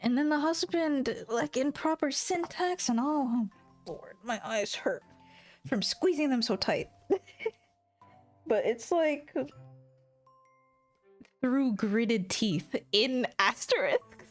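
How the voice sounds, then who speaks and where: A young woman talks casually on a stream, rambling, swearing and breaking into giggles. Her voice sits a bit high and her delivery is slow and drawn-out. Faint music plays underneath. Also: expressive. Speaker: VTuber streamer.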